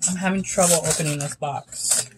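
A woman's voice: fairly low pitch, brisk, background noise. A young woman chatting casually as she tastes and rates snacks, sometimes talking with her mouth full. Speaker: YouTube host. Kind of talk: casual snack review vlog.

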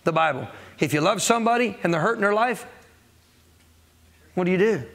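Pastor guy preaching in church, kinda high pitched, asks the crowd to answer back. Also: expressive, brisk, fairly bright tone. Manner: preaching with call-and-response, acting out churchgoers' excuses. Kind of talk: sermon. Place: church sanctuary.

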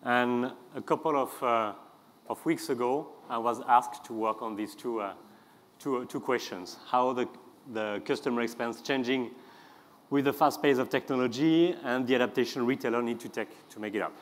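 A man with a French accent giving a conference talk, halting often with fillers and restarts. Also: medium pitch. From France. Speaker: speaker. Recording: long hall reverb.

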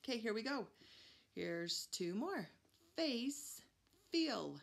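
Preschool teacher, female; unhurried, slightly fried voice; encouraging phonics lesson delivery. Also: a little high, big pitch swings, creaky. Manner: upbeat, encouraging, drawn-out sounds. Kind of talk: phonics lesson for young children.

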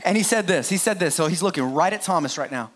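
A man's voice: sits high, expressive, fast, a bit bright. A middle-aged pastor preaching an Easter sermon to his congregation, joking and speaking to them directly. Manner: playful, joking asides, talks straight to the congregation.

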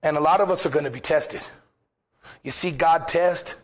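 A man's voice: on the high side, moderate pace. A man preaching a sermon as pastor in a church, impassioned, firing rhetorical questions and acting out quoted voices.

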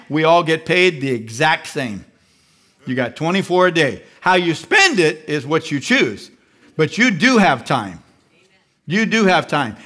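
A man preaching a live sermon as pastor, animated and acting out little voices as he goes. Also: fairly high pitch. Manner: animated, acts out voices of the flesh and believers. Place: large church.

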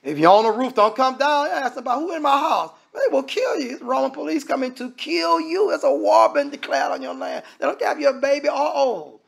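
A man's voice: extremely high pitch, very animated, a little fast, creaky, hardly any pauses. A man preaching a sermon in a conversational way, often acting out the voices of the people he quotes.

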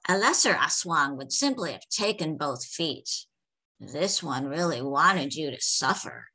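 A woman voicing an old male village medicine man, calm and grumbling, with an unhurried drawl. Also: deep voice, exaggerated voice.

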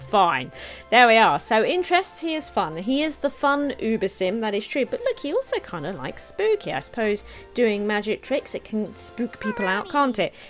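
A woman giving chatty, excitable commentary while playing a cozy video game, gasping and giggling as she explores. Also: mid-range voice. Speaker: game streamer. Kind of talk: let's play commentary.

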